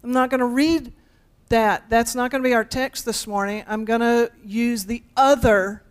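A woman's voice: fairly high pitch, fairly even intonation, normal speed, clear, resonant tone. A woman pastor delivering a conversational sermon, speaking directly to her congregation with playful asides.

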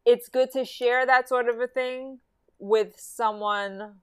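A woman co-hosting a podcast, talking things through in a reflective, halting way, often laughing between thoughts. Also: fairly low pitch, clear, resonant tone, no echo. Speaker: podcast co-host. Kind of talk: casual chat.

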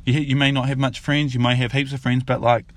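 Medium in pitch with little pitch movement, a man speaks fast. As a father casually relating a fable and its lesson, he rambles, repeats himself, and keeps things loose and informal in spoken storytelling.

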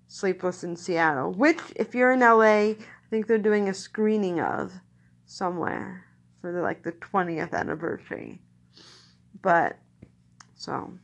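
A woman's voice: fairly low pitch, vocal fry. A woman chatting casually about films in a rambling, nostalgic way. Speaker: vlogger reviewing films. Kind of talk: casual chat.

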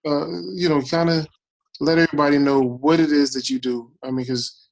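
A man's voice: fairly high pitch, little pitch movement, fairly quick, low-quality recording. A man hosting a podcast, joking and playful, talking loosely with fillers. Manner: jokey, playful, loose, fills with "uh". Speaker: podcast host.

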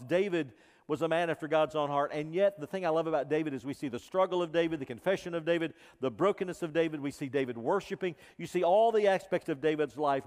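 A man preaching a sermon as pastor, impassioned, moving between loud emphasis and hushed intensity. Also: on the high side. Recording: reverberant hall.

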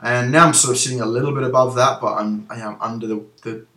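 A man's voice: medium pitch, fairly even intonation, fast, pushed and bright. A man who once owned a gym, being interviewed and talking candidly and reflectively, with plenty of fillers and restarts. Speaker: guest, former gym owner. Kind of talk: casual interview chat. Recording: echoey room.

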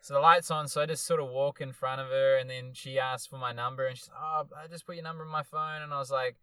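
A young man co-hosting a podcast, telling an animated story with plenty of swearing and acted-out quotes. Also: mid-range voice, fast, clean tone, dry recording. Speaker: podcast co-host. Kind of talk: casual chat, storytelling.

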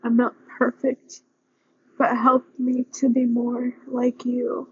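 A young woman speaking an earnest, pleading personal prayer with a breathy voice. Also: a little high, monotone, takes it slowly, muffled recording, slight background noise. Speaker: vlogger praying aloud.

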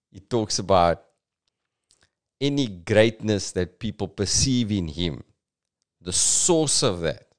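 South african guy musing casually, slow and low, smooth voice. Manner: conversational, reflective, many "you know"s. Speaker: podcast host. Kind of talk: casual commentary.

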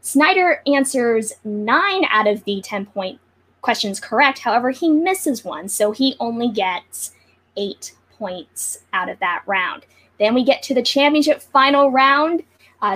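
A woman co-host on a video call, giving a steady play-by-play recap of a game show match. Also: a little high.

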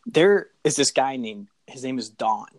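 A man's voice: medium pitch, lively intonation, measured pace, dry recording. A young man co-hosting a casual podcast, rambling with lots of hesitant fillers. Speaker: podcast co-host.

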